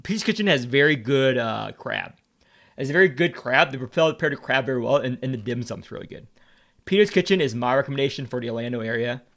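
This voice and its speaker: A man's voice: mid-range voice, expressive, fast, creaky, fairly bright tone. A Vietnamese American man streaming, rambling in casual chat, repeating words and swearing freely as he talks. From United States.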